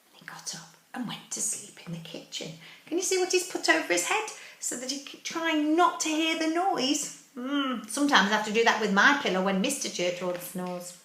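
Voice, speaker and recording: A woman teacher reading a picture book aloud to young children, animated, asking them questions and dropping into whispers. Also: high-pitched, moderate pace. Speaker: early-years teacher. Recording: roomy echo.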